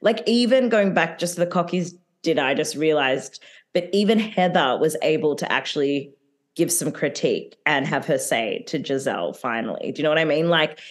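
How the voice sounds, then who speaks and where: A woman's voice: low-pitched, expressive, normal speed. A woman, co-hosting a podcast and chatting casually about reality TV, full of fillers and laughs. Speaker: podcast co-host. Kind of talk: casual chat recapping reality TV.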